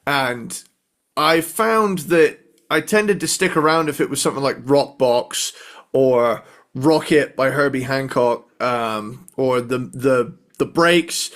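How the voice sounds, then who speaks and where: A man co-hosting a podcast, casually explaining his reasoning in a measured way with small restarts. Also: medium pitch, fairly bright tone. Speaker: podcast co-host. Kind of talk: casual chat.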